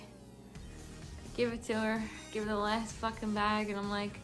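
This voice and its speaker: A tipsy woman vlogger telling a story in a casual, animated way and swearing freely. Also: medium pitch, unhurried, long pauses, soft background music.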